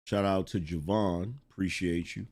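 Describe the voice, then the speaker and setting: Middle-aged male stream host with a low-leaning voice, blunt, emphatic, repeats himself, profane. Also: steady tone, moderate pace, a little mellow. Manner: blunt, emphatic, repeats lines for effect, swears. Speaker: commentary show host. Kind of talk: live-stream commentary, reading viewer chat.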